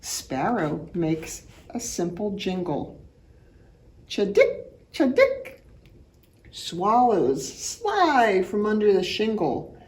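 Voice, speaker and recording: A woman reading a picture book aloud to children, telling the story with animation and imitating bird calls in high, loud chirps. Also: very animated, slow pace, a little hiss or hum. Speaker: children's art program teacher reading aloud.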